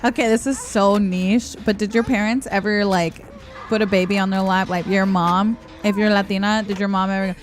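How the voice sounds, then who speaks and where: Her medium-pitched voice stays steady and runs a little fast as this young adult woman chats casually during a gaming live stream. She answers her chat, laughs frequently, and soft music plays behind her.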